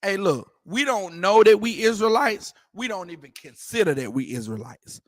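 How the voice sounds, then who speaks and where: High-pitched guy teaching scripture class, repeats himself, street slang, keeps asking questions. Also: expressive, normal speed, no room sound, clean studio sound. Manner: emphatic, repetitive, street slang, rhetorical questions. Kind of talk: preaching scripture commentary.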